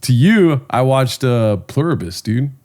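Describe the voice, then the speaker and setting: A man's voice: medium pitch, sing-song, unhurried, darkish tone. Profane, laid-back male co-host. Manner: swears freely, says dude and dog. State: recovering from a cold. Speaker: podcast co-host. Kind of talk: casual chat.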